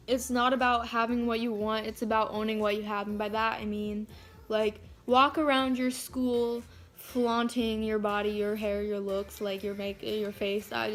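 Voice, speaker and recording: A teenage girl talks to her phone camera in a brightly pitched, casual voice. She is frank and swears freely, with plenty of "like" along the way. Soft music sits faintly behind her. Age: teens. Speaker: vlogger.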